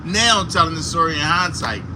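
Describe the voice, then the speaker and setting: A man on a livestream, talking from inside his vehicle while driving, telling a story in an animated, profane way with sound effects. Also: a little high, normal speed. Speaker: livestream host. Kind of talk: casual storytelling. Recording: car noise in background.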